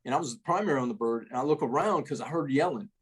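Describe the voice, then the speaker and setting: Husky middle-aged man telling salty stories. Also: mid-range voice, rapid-fire. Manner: salty, animated, peppers talk with "man". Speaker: retired army first sergeant, guest. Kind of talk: casual storytelling.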